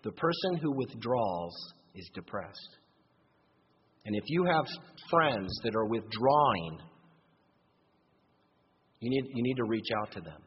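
A pastor preaching a sermon, moving between lively emphasis and quiet asides. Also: male voice, lowish voice, slow pace, pauses often, slight background noise. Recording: dull lo-fi recording in long-reverb hall.

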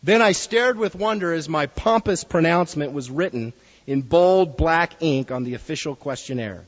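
A man's voice: fairly high pitch, expressive, normal speed, highs cut off. Man preaching in an echoing hall. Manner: earnest, reads a story aloud to the congregation. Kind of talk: sermon.

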